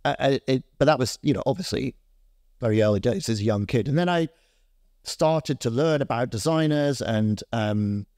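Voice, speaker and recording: A Scottish man in his fifties, a fashion founder, tells a long story as an interview guest, a lively, rambling storyteller full of fillers and restarts. His medium-pitched voice moves at a moderate pace in a dry, clean studio recording.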